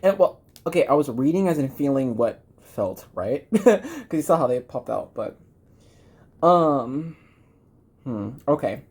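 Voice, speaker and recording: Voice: medium pitch, big pitch swings, measured pace, darkish tone. A tarot reader from Dallas, Texas, giving a chatty, encouraging card reading to viewers and rambling with many fillers.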